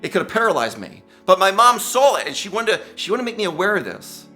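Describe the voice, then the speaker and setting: A man's voice: high voice, big pitch swings, fast talker, pushed and bright, soft background music. A middle-aged man giving a gushing motivational commencement speech, exclaiming often and calling listeners guys. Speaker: commencement speaker.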